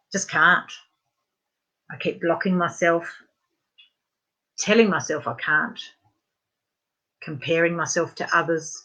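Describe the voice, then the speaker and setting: Female practitioner leading guided tapping, a bright, clear tone, informal and gentle. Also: on the low side, muffled recording. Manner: gentle, repetitive guided statements for listeners to echo; chatty and informal, with frequent fillers.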